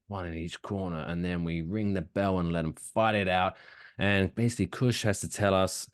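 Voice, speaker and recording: A man's voice: low voice, steady tone, moderate pace, clean tone, no room sound, clean studio sound, faint music behind. A man co-hosting a casual comedy podcast, playful and prone to silly voices and announcer calls. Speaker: podcast co-host. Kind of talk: casual chat.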